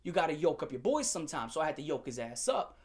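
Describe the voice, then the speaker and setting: A man telling a story from his school days in a casual, profane rant, animated and laughing at times. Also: fairly high pitch, quick pace.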